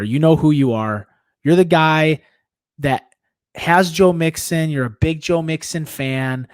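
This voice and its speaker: A podcast co-host with a slightly high voice rambles through a casual fantasy football show, jokingly correcting himself. There's no room sound.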